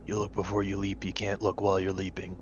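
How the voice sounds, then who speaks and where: A man playing a grown-up hulking creature in a mechanical suit, his voice deepened by a voice changer, grim and suspicious in a tabletop role-play. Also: completely flat delivery, fast talker, dull audio, slight background noise. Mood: dry.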